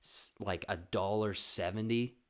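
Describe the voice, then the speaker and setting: A man in his twenties from Canada, telling a comic story on his podcast, swearing freely and acting out other people's voices. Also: measured pace. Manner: animated, swearing, acts out voices with big pitch jumps. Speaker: podcast host. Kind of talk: comedic storytelling.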